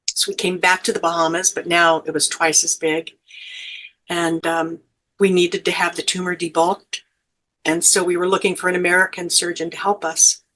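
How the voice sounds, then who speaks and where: A middle-aged woman, a grief educator and life coach, tells a heartfelt personal story as an interview guest, earnest and emotional with soft fillers. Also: fairly low pitch.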